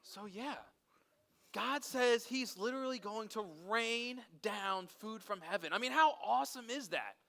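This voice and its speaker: High bright energetic children's pastor man. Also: measured pace, creaky. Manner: energetic, playful, chatty. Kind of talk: interactive Bible story for kids.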